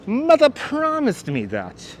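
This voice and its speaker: A man putting on a snooty, whiny voice of a wealthy older resident complaining, slow and drawn out, outdoors with faint street noise. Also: very high-pitched, huge pitch swings, pitched above the performer's own voice, full character voice. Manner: posh put-on accent, drawn-out whining.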